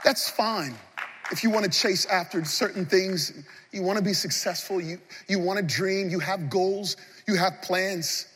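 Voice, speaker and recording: A man preaching a sermon as pastor of a large church, swinging between loud passionate appeals and hushed moments. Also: high voice, measured pace, breathy edge, big-room sound.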